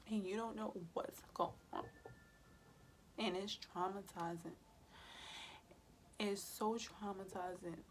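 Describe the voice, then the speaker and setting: A woman, a birth worker and mother, tells a personal story for a vlog in a casual, emotional way, speaking straight to her viewers and often sinking into a soft whisper. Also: mid-range voice, steady tone, takes it slowly, long pauses, slight background noise. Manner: conversational, addresses viewers directly.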